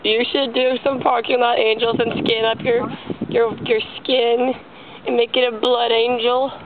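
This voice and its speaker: Deadpan young woman with a high voice. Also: unhurried. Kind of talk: casual goofing-around chat. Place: outdoors near a road. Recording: phone-like lo-fi audio with loud noise.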